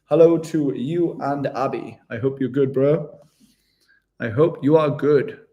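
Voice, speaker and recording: A man's voice: mid-range voice, measured pace, highs cut off. A man chatting casually with viewers on a live stream, laid-back and matey, calling everyone mate. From Wales. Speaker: travel vlogger hosting a live stream.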